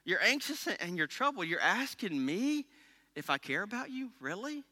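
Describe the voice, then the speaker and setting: A man preaching who voices a male teacher gently pressing a friend with emphatic questions. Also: sits high, big pitch swings, normal speed, pitched above the performer's own voice, heavily acted. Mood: pleading. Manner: pleading, emphatic rhetorical questions. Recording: long reverb of a large hall.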